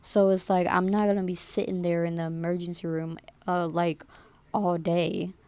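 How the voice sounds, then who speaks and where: A woman's voice: fairly low pitch, level tone, normal speed, a little mellow, smooth, no echo. A woman in her twenties telling a story to camera, indignant and repetitive, often adding "like" and "okay?". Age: 20s. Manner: indignant, repeats herself with "like" and "okay?". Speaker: vlogger.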